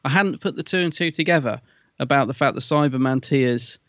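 A man's voice: mid-range voice, brisk, fairly bright tone, dry recording. Hesitant man, dull dry recording. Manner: hesitant, conflicted, restarts often. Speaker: podcast co-host. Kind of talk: casual review chat.

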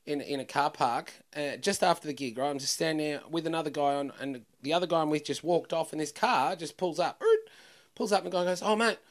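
Middle-aged comedian, lively anecdote teller, voice sits a bit high. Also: male voice, a little fast. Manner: animated, acts out voices in anecdotes. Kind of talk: casual chat, storytelling.

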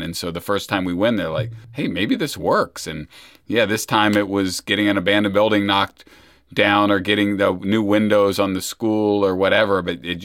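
A man's voice: deep voice, fairly bright tone, dry recording, clean studio sound. A man hosting an interview, asking long thoughtful questions full of fillers. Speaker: host. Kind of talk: interview conversation.

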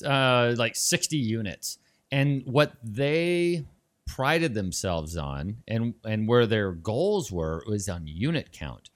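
Low-voiced podcast host man. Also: a bit bright. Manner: chatty, gives quick advice. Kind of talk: casual podcast conversation.

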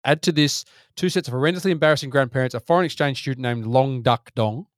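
A man co-hosting a casual movie podcast, relaxed as he runs through plot summaries. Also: mid-range voice, fast talker, slight background noise. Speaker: podcast co-host.

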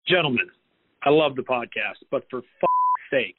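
Annoyed guy ranting on voicemail, husky voice, lively pitch. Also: normal speed, narrow, tinny audio. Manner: exasperated, profane. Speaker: voicemail caller. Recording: phone voicemail line.

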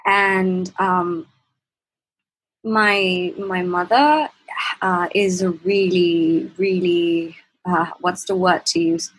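A young woman, a podcast guest, telling a candid personal story in a halting way, with restarts and fillers. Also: fairly low pitch, steady tone, slightly rough, poor audio. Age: young adult.

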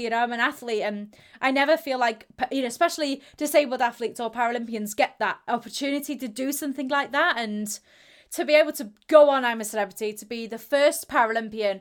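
A young woman with a slightly high voice tells her stories openly and with feeling. She speaks as an interview guest and slips into quick impressions of the people she quotes. She laughs easily as she talks. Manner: animated, acts out quoted voices, laughs readily. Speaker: interviewee, Paralympic athlete. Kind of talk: candid conversational storytelling.

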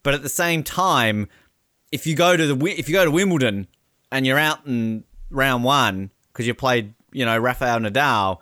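Aussie guy cohosting a podcast, wry and chatty, bright voice, dry close mic. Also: medium pitch, moderate pace, no room sound. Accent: Australian. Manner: wry, chatty, swears casually. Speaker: podcast co-host. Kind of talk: casual chat.

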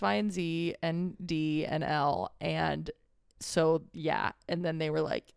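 A young adult woman co-hosting a podcast, telling a personal story in a relaxed, earnest way. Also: fairly low pitch, normal speed, vocal fry, clear, resonant tone, no room sound, clean studio sound. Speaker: podcast co-host. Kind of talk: casual chat.

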